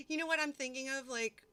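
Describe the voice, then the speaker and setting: A woman's voice: sits high, pushed and bright, clean tone. A woman hosting a live stream, chatting casually and rambling, swearing often and laughing between thoughts. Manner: rambling, profane and giggly, reading out chat. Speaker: livestream host.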